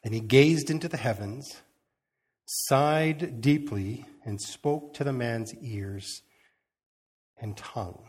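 Man, preacher, husky voice, chatty sermon, acts out quotes. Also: medium pitch, takes it slowly, a little mellow. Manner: conversational, acts out quotes, chuckles often. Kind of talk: informal sermon.

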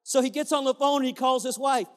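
High-voiced man preaching in an echoing hall. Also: fast. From Puerto Rico. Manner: animated storyteller, acting out dialogue. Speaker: pastor. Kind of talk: storytelling sermon. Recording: long hall reverb.

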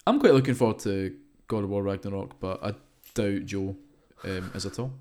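A man co-hosting a casual podcast chat, bantering quickly and swearing freely. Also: low-pitched, darkish tone. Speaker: podcast co-host.

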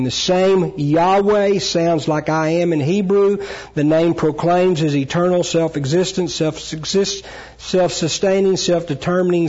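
A man's voice: a little high, a little mellow. Earnest preacher man, dull lo-fi recording. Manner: earnest, emphatic, with self-corrections and pauses. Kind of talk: Bible teaching sermon.

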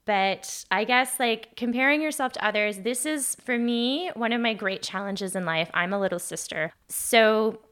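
A woman's voice: a little high, moderate pace, few pauses, a bit bright, smooth. A woman in her thirties hosting a solo podcast, talking in a chatty, earnest way full of "like" and self-corrections. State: briefly emotional, voice catching. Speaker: podcast host.

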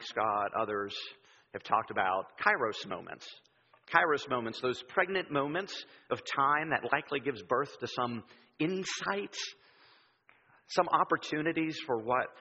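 A male preacher delivers a sermon with lively, swooping pitch and a bright but husky tone. The sound is dull and muffled, with a long reverb trailing through the church hall. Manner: animated storytelling, acts out quoted voices. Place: church sanctuary.

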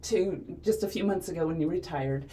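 A woman's voice: fairly low pitch, dark tone, slight background noise. A woman hosting a podcast interview, engaged and asking follow-up questions in a casual conversation. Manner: engaged, asks questions in quick follow-ups.

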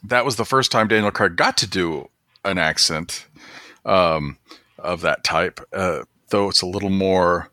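Guy hosting a podcast, low bright voice, dry sound, lots of ums and restarts. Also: measured pace, no room sound. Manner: rambling, many fillers and restarts. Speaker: podcast host. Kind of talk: casual chat.

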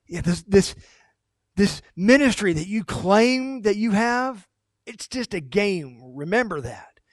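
A sneering male tempter voiced by a man in a sermon murmurs doubts in a soft, insinuating tone. His voice sits fairly high. It sounds close and dry, with no room around it. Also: expressive, slow pace, dry recording. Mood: taunting. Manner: taunting, hushed and insinuating.

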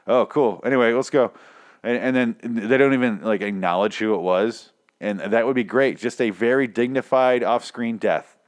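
Hoarse, profane man ranting. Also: on the low side, normal speed. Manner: profane, rambling, exasperated. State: hoarse, voice nearly shot. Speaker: podcast host. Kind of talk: casual rant about a TV show.

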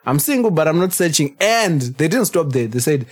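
A man in relaxed podcast banter, with a fairly high voice. He is animated and laughs easily. He stumbles and repeats words as he gets going. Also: fairly quick. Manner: animated, repeats and restarts phrases, laughs often. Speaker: podcast co-host. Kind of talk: casual chat.

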